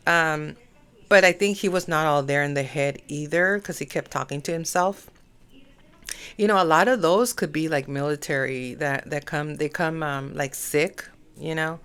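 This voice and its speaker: A woman's voice: low-pitched, fairly bright tone, clean tone. A middle-aged woman hosting an astrology podcast, chatting in a rambling way full of "you know" fillers. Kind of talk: rambling casual monologue.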